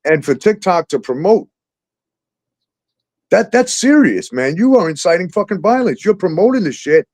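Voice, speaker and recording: A man hosting a casual talk show, animated and profane, laughing often and acting out exchanges as he tells stories. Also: a little high, normal speed. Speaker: show host. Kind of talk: casual podcast chat.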